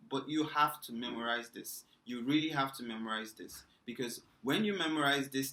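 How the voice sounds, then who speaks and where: A male teacher talks through a beginner lesson at an unhurried pace. His voice is bright and forward, sitting at an ordinary middle pitch. He drills each word several times and talks casually between drills with plenty of fillers. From Nigeria. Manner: repeats words slowly for drilling, chatty with fillers. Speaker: language teacher. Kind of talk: online language lesson.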